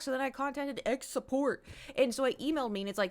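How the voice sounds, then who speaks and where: A woman streamer talks casually to her live audience in a fairly high voice. She rants and swears freely. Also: very fast.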